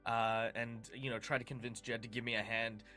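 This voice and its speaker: A man's voice: medium pitch, little pitch movement, a little fast, bright, forceful tone. A man playing a tabletop game, rambling with many fillers. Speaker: player. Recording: faint music behind.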